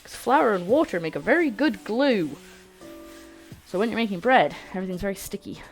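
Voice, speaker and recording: A woman's voice: medium pitch, expressive, a little fast. A woman hosting a cooking livestream, chatting playfully with her viewers as she works. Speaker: cooking stream host. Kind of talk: casual livestream chat while cooking. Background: faint background music.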